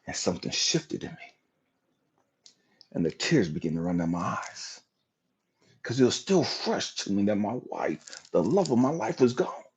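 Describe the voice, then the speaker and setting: A man's voice: on the low side, very animated, unhurried, long pauses, breathy edge. A man hosting a livestream, telling an emotional personal testimony in a raw, profane storytelling manner. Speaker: livestream host.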